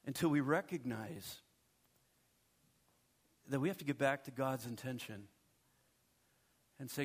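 With a medium-pitched, animated voice that has a breathy edge, a middle-aged pastor preaches conversationally, mixing in asides and brief check-ins with his congregation.

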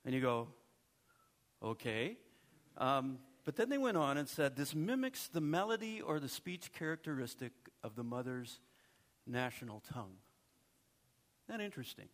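A middle-aged male pastor preaching a sermon in a conversational way, with asides and quick check-ins to the congregation. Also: mid-range voice, sing-song.

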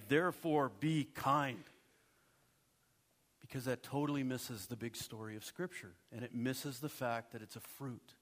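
A middle-aged male pastor preaching a sermon in a conversational way, with asides and quick check-ins to the congregation. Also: mid-range voice.

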